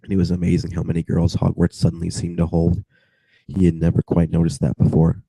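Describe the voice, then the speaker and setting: A young man getting over a cold reads a novel aloud to strangers on video chat, his low voice gravelly and dark. He reads flatly, wanders off into giggling asides and comes back to the page. The sound is dry and close on a laptop mic. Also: brisk, no room sound, rough recording. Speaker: reader.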